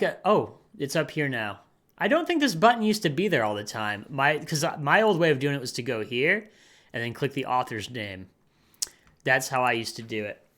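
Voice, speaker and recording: A man's voice: mid-range voice, pushed and bright. A man streaming himself playing games live, chatting in a rambling, casual way and muttering to himself as he clicks around. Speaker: game streamer.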